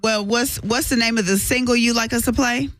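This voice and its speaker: A woman's voice: on the high side, steady tone, fairly quick, a bit bright, faint music behind. A woman hosting a morning radio show, upbeat and friendly, stretching out the phone number. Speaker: radio host.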